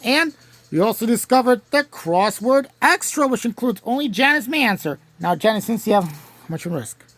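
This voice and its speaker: A woman hosting a home-made crossword game show, reading clues and spelling answers letter by letter, pausing and restarting often. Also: a little high, lively intonation, fairly bright tone. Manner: halting, with frequent restarts.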